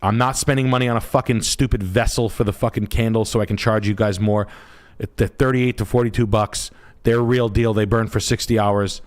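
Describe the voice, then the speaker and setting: A man's voice: lowish voice, fairly even intonation, brisk. A man hosting a livestream, talking in a brash, profane, rambling way. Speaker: realtor and livestream host. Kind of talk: crude casual stream chat.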